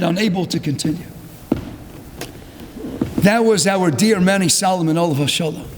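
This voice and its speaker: Impassioned high-voiced rabbi, echoing hall. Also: male voice, moderate pace, pauses often, noisy background. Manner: impassioned, swings from low hush to fervent crying-out. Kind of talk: sermon.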